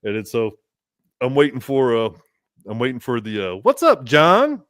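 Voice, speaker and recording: A man's voice: mid-range voice, steady tone, moderate pace, a little mellow, clean tone, dry recording, studio quality. A man telling a road-trip story on a podcast, laughing often and acting out both sides of the conversation. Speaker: podcast guest. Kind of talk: casual storytelling.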